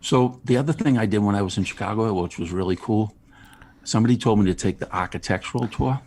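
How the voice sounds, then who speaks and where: A man, a guest on a podcast, telling jokey, animated stories in casual chat. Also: lowish voice, fast talker. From Charlestown, Boston area. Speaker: guest, ice cream truck driver.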